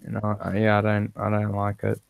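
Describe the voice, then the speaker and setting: A man's voice: lowish voice, monotone, a little fast, creaky, dry recording. A man from Australia with an Australian accent, chatting bluntly and with strong opinions on a live stream. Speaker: stream guest. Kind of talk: casual chat.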